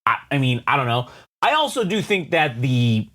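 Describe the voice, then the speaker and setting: A man's voice: mid-range voice, sing-song, moderate pace, pushed and bright. A man co-hosting a casual podcast chat, swearing freely and riffing on his opinions. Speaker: podcast co-host.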